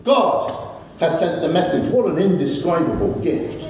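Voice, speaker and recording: A man's voice: fairly high pitch, animated, normal speed, darkish tone. A male pastor preaching a fervent, repetitive sermon in a church. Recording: echoey church hall from far off, dull.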